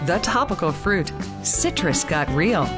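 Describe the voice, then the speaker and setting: A woman announcing a podcast promo in a bright, promotional manner. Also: on the low side, big pitch swings, measured pace, loud music behind the voice. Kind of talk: commercial read.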